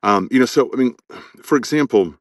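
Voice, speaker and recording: A man's voice: mid-range voice, lively intonation, brisk, no echo, studio quality. A man who narrates audiobooks, talking in an interview in a thoughtful way and often repeating words as he builds a point. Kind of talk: conversational interview.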